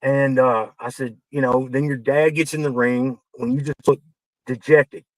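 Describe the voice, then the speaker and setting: A man, a wrestling veteran guest on a podcast, telling backstage stories in a casual, animated way, acting out quoted dialogue and swearing as he gets heated. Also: medium pitch, unhurried, no echo, low-quality recording. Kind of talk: casual storytelling.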